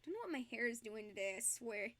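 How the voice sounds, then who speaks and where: A woman's voice: on the high side, expressive, fast, a bit bright, slight background noise. A young woman with a Michigan accent chatting casually on a live stream while she crafts, giggling often between sentences. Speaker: fursuit maker and streamer.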